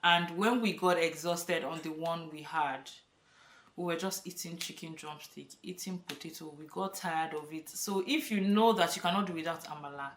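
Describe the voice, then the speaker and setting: A woman's voice: low voice, normal speed, slight background noise. A woman in her thirties with a Nigerian accent, talking casually and emphatically to camera in a vlog. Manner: chatty, emphatic, laughs often. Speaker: vlogger. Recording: echoey room, a bit far from the mic.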